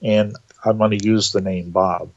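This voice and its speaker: A man telling a personal story in a casual, animated way, acting out the quoted dialogue. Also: fairly low pitch, moderate pace, highs cut off. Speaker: guest telling of entity encounters.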